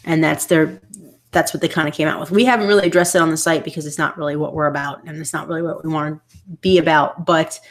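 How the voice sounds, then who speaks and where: A woman hosting a podcast chat, briskly setting up the topic. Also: deep voice, steady tone. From Italian heritage. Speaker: podcast host. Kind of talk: casual chat.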